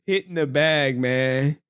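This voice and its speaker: A man's voice: on the high side, a bit bright, a little hiss or hum. A man live-streaming, chatting loosely with his viewers in slangy talk and laughing often. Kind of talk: casual live-stream chat.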